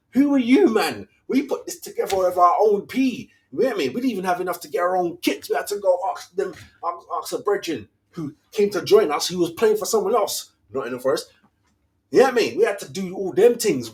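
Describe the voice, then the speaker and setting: A man's voice: on the high side, darkish tone. A man, hosting a fan channel and ranting casually in slang, full of rhetorical questions.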